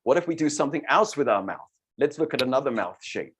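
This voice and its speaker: An animated storytelling teacher running an online workshop, with a lively, swooping pitch. The voice sits in a middle register and keeps modelling sounds for the learners to copy. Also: quick pace, slightly rough.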